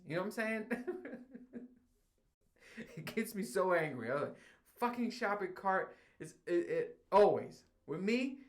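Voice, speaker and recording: A young man hosting his own podcast, ranting in casual, profane solo talk that he breaks up with laughs and sudden outbursts. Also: a little high. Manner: profane, animated storytelling with frequent laughs. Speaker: podcast host.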